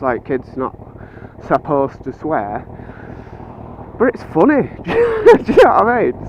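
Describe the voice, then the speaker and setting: A young man babbles excitedly through stories and jokes, swearing freely and often breaking into laughter. His voice sits high for a man. The recording is made outdoors, with loud traffic noise behind him. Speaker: motovlogger. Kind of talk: casual chat.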